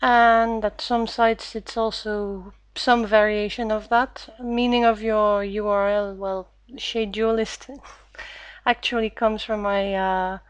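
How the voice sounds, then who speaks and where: Slow-talking young woman from Belgium. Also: mid-range voice, little pitch movement, smooth, no room sound. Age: 20s. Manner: unhurried, hesitant with many fillers, giggling. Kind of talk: casual vlog reading a question list.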